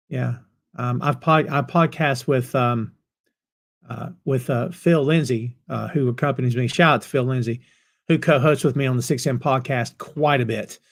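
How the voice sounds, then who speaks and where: Reading live comments on his wrestling podcast, a man from North Carolina greets viewers by name in easygoing chat. He has a gravelly, mid-range voice.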